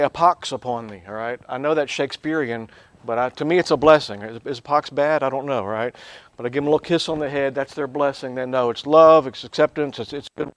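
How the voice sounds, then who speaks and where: A man who is a professor, teaching a Bible lesson in a lively way, swinging from quiet asides to loud, emphatic bursts. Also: fairly high pitch, no echo.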